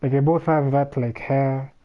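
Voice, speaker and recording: A man's voice: mid-range voice, steady tone, unhurried, dull audio. A man hosting a casual livestream alone, thinking aloud in a rambling way with frequent restarts. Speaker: livestream host. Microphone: streaming microphone.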